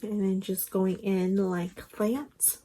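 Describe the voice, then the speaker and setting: A woman's voice: mid-range voice, little pitch movement, takes it slowly, dark tone, poor audio. A young woman chatting casually through a makeup tutorial, rambling with lots of fillers, recorded on a phone at home. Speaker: beauty vlogger. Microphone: phone camera.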